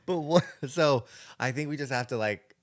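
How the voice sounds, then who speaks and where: A young man co-hosting a podcast in casual chat, laughing easily and often low-key. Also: normal speed. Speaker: podcast co-host.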